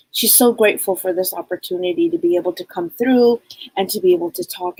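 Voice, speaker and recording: A woman psychic medium on a live show, passing on messages in a halting, repetitive way and speaking them in the first person. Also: lowish voice, creaky, a little mellow, breathy edge, rough recording.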